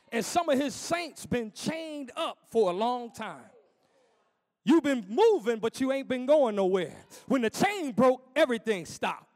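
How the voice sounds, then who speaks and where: High pitched preacher guy, fired up, rises to shouting then goes quiet. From United States. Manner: impassioned preaching, rising to shouts then dropping low. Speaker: pastor. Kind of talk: sermon.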